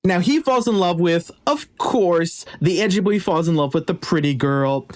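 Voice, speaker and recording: A man's voice: high-pitched, expressive, a little slow. A man retelling a legend in a casual, conversational way with jokey asides. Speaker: storyteller. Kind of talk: casual storytelling.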